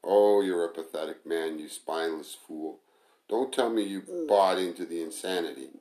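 Guy doing a blunt mean chef who scolds his buddy, low voice, roomy echo. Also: moderate pace, a little mellow, lightly acted. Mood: scornful. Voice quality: contemptuous, bossy and blunt. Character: scornful, brash male restaurant manager and chef.

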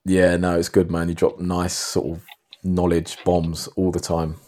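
A man hosting a podcast, telling a long story in a rambling, animated way. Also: low-pitched, unhurried. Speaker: podcast host. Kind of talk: casual podcast chat.

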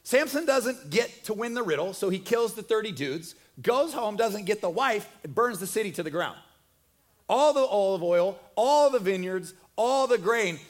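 A man preaching a casual, storytelling sermon, joking and talking in an animated, conversational way. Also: high-pitched, normal speed.

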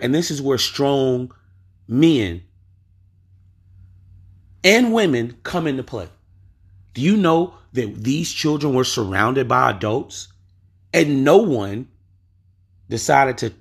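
A man's voice: medium pitch, animated, slow pace, pauses often, slightly rough. A man hosting a podcast, telling a story in a casual monologue and pressing his point with rhetorical questions. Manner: emphatic, asks rhetorical questions. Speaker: podcast host.

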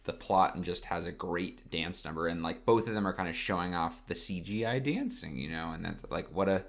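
A man's voice: sits low, fairly quick. A man co-hosting a podcast, talking through a film in a loose, rambling way full of filler words. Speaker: podcast co-host. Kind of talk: casual film discussion.

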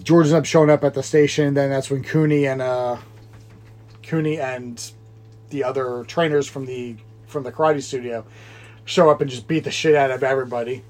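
A man's voice: mid-range voice, fairly even intonation, moderate pace, a little mellow. A man co-hosting a podcast, recapping a movie in a rambling, laughing way and acting out its lines. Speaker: podcast co-host. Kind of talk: casual movie recap chat.

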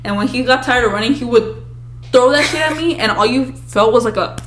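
A young woman co-hosting a podcast, telling childhood stories in a casual, profane, animated way. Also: on the high side, a little fast. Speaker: podcast co-host. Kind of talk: casual storytelling chat.

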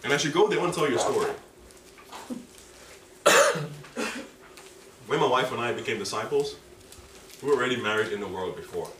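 A man preaching a sermon with passion, rising to high, emotional pleas. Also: expressive, moderate pace, pauses often, pushed and bright, slight background noise. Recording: echoey room from a distance.

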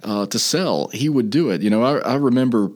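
A man's voice: medium pitch, lively intonation, fairly quick, darkish tone. A man hosting a casual radio conversation, chatty and enthusiastic. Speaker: radio show host.

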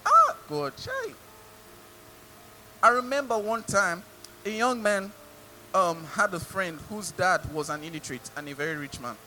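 A man's voice: sits high, normal speed, sharp tone, a little hiss or hum, poor audio. A male pastor with a Nigerian English accent preaching a sermon, mimicking people and asking the congregation rhetorical questions.

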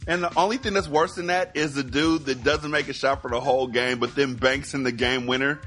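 A man co-hosting a podcast, telling stories in animated casual chat and acting out sounds. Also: mid-range voice, a little fast, soft background music. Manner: animated storyteller, acts out sounds. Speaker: podcast co-host.

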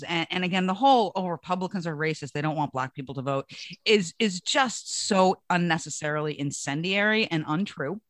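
A woman on a political panel, arguing in a brisk, dismissive way. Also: fairly low pitch, a bit bright, no echo. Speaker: political commentator.

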